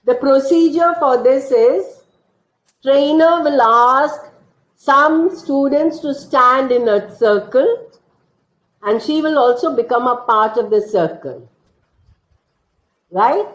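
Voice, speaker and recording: Slow, high-voiced teacher trainer. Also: female voice, expressive. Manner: slow, deliberate explaining with acted classroom drills. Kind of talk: online teacher-training session. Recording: roomy, dull lo-fi online session audio.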